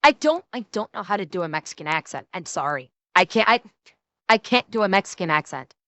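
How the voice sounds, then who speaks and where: A woman's voice: medium pitch, expressive, brisk, fairly bright tone, dry recording. A woman streamer giving casual reaction commentary, rambling, laughing and swearing freely.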